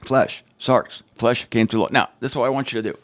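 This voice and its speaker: A man's voice: medium pitch, steady tone, brisk, dry recording. A man hosting his own show, teaching on the Bible in an informal, emphatic way with wry, sarcastic asides.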